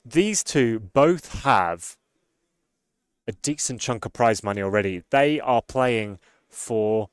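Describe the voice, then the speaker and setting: A man calls each play of a card game final in an upbeat, explanatory way. His voice sits at an ordinary middle pitch. The sound is dry and close to the mic. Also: lively intonation, slow, smooth, no echo. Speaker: play-by-play commentator. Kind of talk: live card game commentary.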